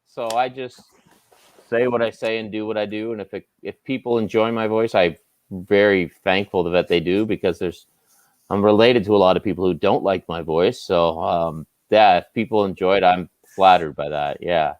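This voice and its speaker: A man with a Canadian Maritime accent, a sports anchor chatting as a guest in a relaxed, self-deprecating way. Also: sits low, normal speed, no echo. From Nova Scotia, Canada. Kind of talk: casual interview chat.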